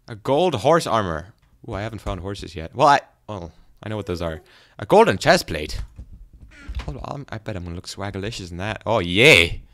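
A young man giving jumpy, frightened let's play commentary, often breaking into loud exclamations. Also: sits low, no room sound. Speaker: gaming YouTuber.

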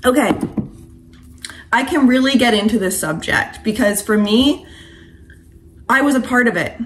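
Against a noisy background, a woman coach and vlogger speaks to camera in an impassioned, preachy monologue, slangy and casual, addressing viewers as sweetheart and honey. Her voice is fairly high and unhurried.

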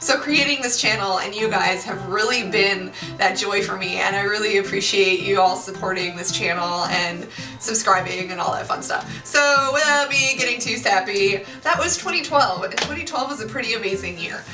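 Music plays in the background as a woman in her late twenties, a YouTuber, talks casually to camera in a bubbly, exclamatory way. The room echoes and she's far from the mic. Her voice is medium in pitch, at a moderate pace.

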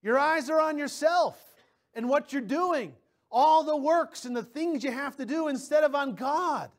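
Man, pastor, high voice, conversational sermon, repeats words at sentence starts. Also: measured pace. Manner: conversational preaching with personal anecdotes.

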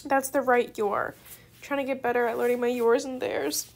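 A woman's voice: fairly high pitch, little pitch movement, normal speed, creaky. A young woman student making a gaming video, chatting with gushing, effusive gratitude and frequent giggles. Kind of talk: excited gameplay commentary.

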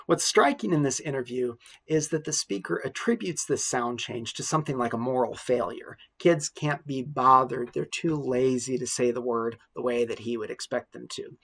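A university lecturer explains things in a measured, steady way. His voice has a gravelly, creaky edge and a husky texture, and it sits at a middle pitch. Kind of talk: recorded lecture.

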